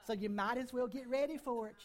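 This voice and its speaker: A middle-aged man preaching a sermon as a pastor, emphatic, with sudden swings between loud and soft. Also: very high voice, fast talker.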